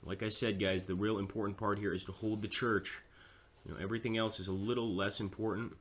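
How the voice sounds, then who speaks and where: A man's voice: fairly low pitch, flat delivery, a little fast, a bit bright. A man giving casual, chatty commentary over a strategy game, mocking himself now and then.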